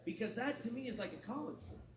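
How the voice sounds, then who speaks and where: A man's voice: extremely high pitch, quick pace, background noise. A man hosting a morning show, telling a bar story in casual chat and acting out the people he quotes. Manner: animated storyteller, acts out quotes. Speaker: morning radio show host. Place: studio. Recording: roomy sound from a distance, crowd behind.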